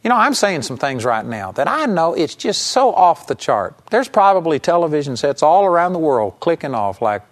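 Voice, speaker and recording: A man's voice: moderate pace, few pauses. A middle-aged man preaching, telling a story from his ministry and acting out what he and others said. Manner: animated, quotes himself with rising pitch. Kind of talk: sermon storytelling.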